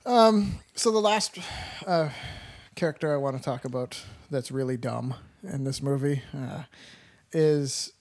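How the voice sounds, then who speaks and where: A man's voice: mid-range voice, measured pace, darkish tone. A man hosting a podcast, swearing freely and telling a movie story with acted-out quotes in casual chat.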